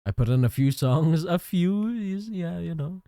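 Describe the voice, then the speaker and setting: A male livestreamer talks casually to his chat while drawing, thanking viewers as he goes. His pitch moves up and down a lot. His voice is warm and mellow, recorded close and dry. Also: measured pace, no echo. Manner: chatty, thanks chat, lively ups and downs. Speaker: livestreamer and digital artist.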